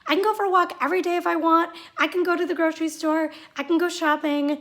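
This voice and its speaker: A high-voiced woman rants to her viewers in a vlog. She sounds sarcastic and fed up, and her delivery drips with mockery. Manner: sarcastic, exasperated. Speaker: vlogger. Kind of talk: ranting vlog monologue.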